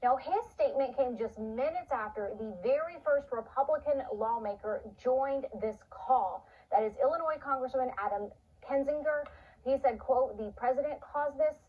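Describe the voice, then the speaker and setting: A woman reporting news from a live desk in a crisp, formal way. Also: sits high, normal speed. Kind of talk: broadcast news reading. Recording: dull TV audio.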